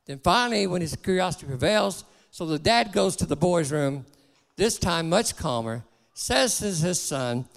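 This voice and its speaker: A man's voice: high-pitched, animated, moderate pace, vocal fry, long reverb tail. A man preaching a sermon in church, earnest and exhorting.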